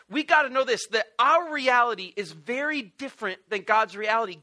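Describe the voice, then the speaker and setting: A male pastor preaching a sermon in an animated, joking storytelling way, acting out little voices. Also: very high voice.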